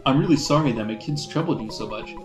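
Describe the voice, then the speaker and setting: A man's voice: mid-range voice, quick pace, faint music behind, close to an everyday voice. A man voicing a stern, scolding mother in a game with a put-on folksy accent. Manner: scolding, exasperated.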